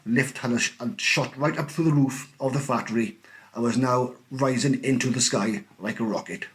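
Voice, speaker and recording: Man reading a children's story aloud. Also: mid-range voice. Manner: expressive, animated reading. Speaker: teacher.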